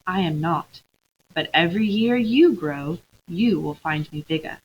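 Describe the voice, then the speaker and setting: A calm, grave old lion speaks softly and slowly, low and unhurried, as a woman reads him out. The sound is a little dull, like a lo-fi classroom recording. He is patient and kind, never loud. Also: a little hiss or hum. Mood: gentle, grave. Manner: slow, quiet, grave. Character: great wise male lion, calm and gentle.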